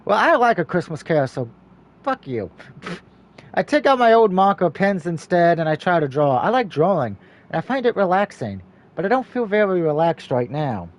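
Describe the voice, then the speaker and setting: A man streaming a story game, reading its text aloud and breaking off for quick, joking asides. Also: high-pitched. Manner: mixes steady reading with quick, jokey asides.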